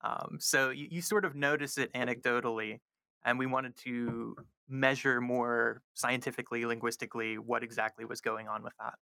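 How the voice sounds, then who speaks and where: A man's voice: mid-range voice, flat delivery, normal speed, vocal fry, bright, forceful tone, smooth, no echo. A male linguistics professor from North Carolina explaining his research in a radio interview, with frequent ums.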